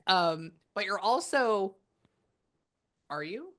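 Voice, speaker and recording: A woman working as a psychic medium, talking casually and excitedly with many fillers, relaying what spirits say. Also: fairly low pitch, a little slow. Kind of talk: casual spirit reading session.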